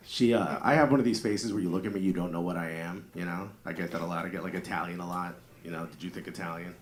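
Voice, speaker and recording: This fast-talking New York-area comic has a low voice and a crowd audible behind him. His crude, conversational stand-up includes acted-out dialogue, and the live club audience laughs along.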